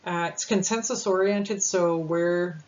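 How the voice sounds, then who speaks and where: Low-voiced woman giving a measured talk. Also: steady tone. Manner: measured, with frequent ums and uhs. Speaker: presenter at a candidate information session. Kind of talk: informational talk. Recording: dull lo-fi sound with faint hiss.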